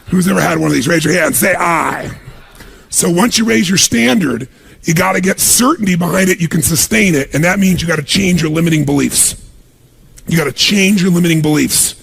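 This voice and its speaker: In a large room, a man delivers a forceful motivational seminar to a live crowd, driving them on with repeated commands. His voice is high with vocal fry, he speaks quickly, and there's a little background noise.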